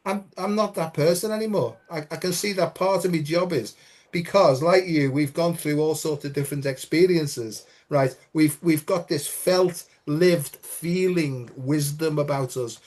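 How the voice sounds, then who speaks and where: Male host, lively anecdotal storyteller with a raised voice, swears casually. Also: fairly high pitch, unhurried. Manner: animated storyteller, swears freely, acts out quotes. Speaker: podcast host. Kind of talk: casual spiritual chat.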